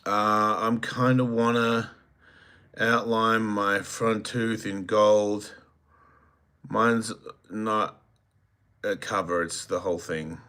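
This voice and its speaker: Australian male livestream host, 50s, slow unhurried delivery, crude joking banter, bright voice. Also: lowish voice, steady tone, smooth. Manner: laid-back, crude, joking, reads viewer comments aloud. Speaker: host reading live chat. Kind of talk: casual livestream chat.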